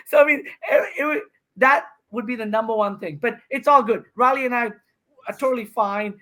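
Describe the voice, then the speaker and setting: Excitable podcast guest, male pro athlete, animated storyteller. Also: very high-pitched. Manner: excitable, fast-talking, acts out quotes.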